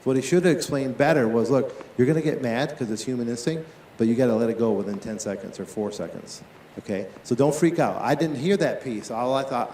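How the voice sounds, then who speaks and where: A man's voice: medium pitch, slight background noise. Echoey man coaching on a tennis court. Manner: lively, talks to players and coaches with quick questions. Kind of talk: live on-court coaching demonstration.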